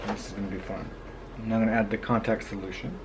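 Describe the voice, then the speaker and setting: This young dad vlogs casually at home and in the car, speaking fast in a lowish voice with a steady tone and addressing the camera directly. Recorded on a handheld compact camera, the audio carries background noise and the hum of a vehicle.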